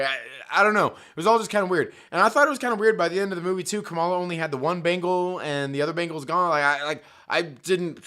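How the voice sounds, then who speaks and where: A bright, forceful man ranting about a movie in a loose, profane way. His voice sits a little high for a man. He rambles, piles up fillers and swears freely as he works himself up. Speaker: movie commentary host. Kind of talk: casual rant, film review.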